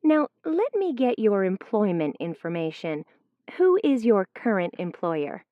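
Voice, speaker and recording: A woman's voice: mid-range voice, very animated, no room sound. A woman playing a polite phone clerk. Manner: courteous, measured questioning. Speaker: customer service clerk in a listening exam recording. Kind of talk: scripted exam dialogue. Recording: dry muffled studio recording.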